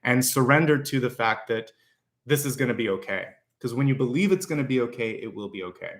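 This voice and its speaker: A man's voice: medium pitch, lively intonation, brisk, fairly bright tone. A man giving a weekly tarot and astrology reading, speaking directly to his viewers in a reassuring, conversational way. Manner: conversational, with fillers and restarts. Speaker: tarot reader.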